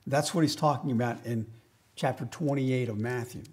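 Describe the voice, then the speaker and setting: A man preaching a sermon as pastor, slowing down to stress key phrases and shifting from loud emphatic lines to quiet asides. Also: mid-range voice. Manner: slows right down on key phrases.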